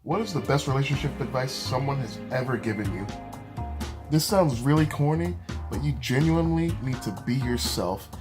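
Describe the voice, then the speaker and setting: A man's voice: medium pitch, animated, normal speed. Chatty young man vlogging over music. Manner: chatty and earnest, giving advice with restarts and asides. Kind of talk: casual vlog chat. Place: his home, walking from bedroom to kitchen.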